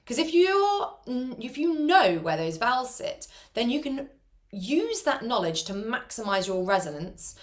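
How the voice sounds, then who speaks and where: A woman's voice: fairly high pitch, big pitch swings, unhurried. A woman leading an online singing class from home over a video call, chatty and encouraging. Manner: encouraging, chatty, demonstrates sounds. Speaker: choir singing teacher. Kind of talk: online vocal warm-up lesson.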